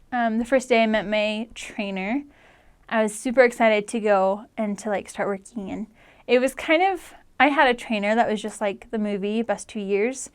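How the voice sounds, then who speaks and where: Her voice is clean-toned and on the high side. A woman in her twenties from the United States, she shares her story as a returned missionary in a chatty, casual way, leaning heavily on "like" and growing emotional at times.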